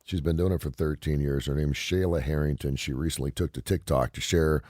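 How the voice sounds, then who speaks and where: A man's voice: a bass voice, fairly even intonation, fairly quick, a little mellow, no room sound, clean studio sound. A man hosting a radio talk show, chatting casually and retelling stories with quoted lines. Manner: rambling storyteller, retells scenes with quoted lines.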